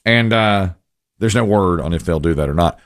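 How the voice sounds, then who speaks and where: A man's voice: sits low, moderate pace, no room sound, clean studio sound. A man hosting a casual radio chat, telling stories and giving opinions in a chatty way. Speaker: radio show host.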